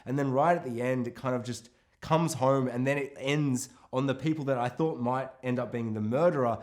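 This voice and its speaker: A man's voice: mid-range voice, a little fast. A man co-hosting a podcast, chatting casually about a film, swearing freely and slipping into voices for the characters. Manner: animated, swearing, acts out characters in quotes. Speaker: podcast co-host.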